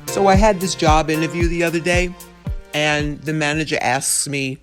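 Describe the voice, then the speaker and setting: Man telling a deadpan joke. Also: a little high, moderate pace, soft background music. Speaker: guest comedian.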